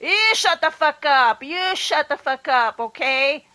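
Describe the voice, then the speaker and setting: A woman streaming a horror game live, yelling and swearing at her teammates and chatting with viewers. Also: high-pitched, measured pace. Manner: excitable, swears and yells at other players; talks to chat between rounds. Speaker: gaming livestreamer. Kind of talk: live gameplay commentary.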